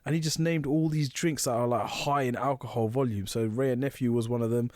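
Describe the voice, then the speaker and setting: Fast-talking man telling stories. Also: mid-range voice, no room sound, clean studio sound. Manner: fast, animated anecdotes with acted-out quotes. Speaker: podcast co-host. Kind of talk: casual chat, storytelling.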